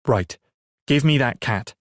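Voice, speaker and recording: A woman's voice: very deep voice, moderate pace, no echo, voice pushed up. A man voicing an exasperated mother who scolds her young son sharply, in a dry, close audiobook reading.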